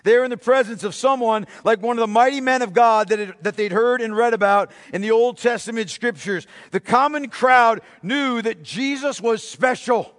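Emphatic high-voiced male pastor preaching. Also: moderate pace, few pauses, in a large hall. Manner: emphatic, rhetorical questions to the congregation; dramatic drops to a hushed voice. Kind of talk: sermon.

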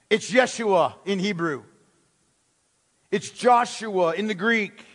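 A man's voice: very high-pitched, a bit bright. A man preaching a sermon as pastor, emphatic, with rhetorical questions and words repeated for stress. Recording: long hall reverb.

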